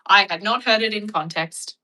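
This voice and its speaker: Bright, chatty woman. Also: mid-range voice, normal speed, distant mic, poor audio. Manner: chatty, laughing, animated storytelling. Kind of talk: casual chat.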